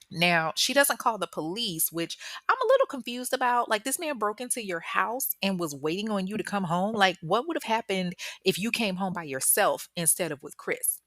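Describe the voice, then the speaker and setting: A young woman, hosting a true-crime podcast, tells the story in casual, animated, joking talk and acts out the quotes. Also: normal speed, no echo, studio quality. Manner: animated and joking, acts out quotes with big pitch jumps, laughs often.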